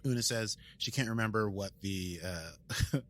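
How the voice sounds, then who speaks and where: A man's voice: on the low side, measured pace, fairly bright tone. A man from Brooklyn, a podcast host giving a casual, rambling recap with lots of fillers and playful banter. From Brooklyn, New York.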